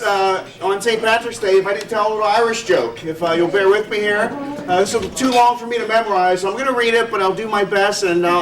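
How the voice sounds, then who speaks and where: High-voiced man speaking in an echoey hall. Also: far from the mic. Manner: self-deprecating, chatty. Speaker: state representative. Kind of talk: speech and joke-telling at a community party. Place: senior center hall.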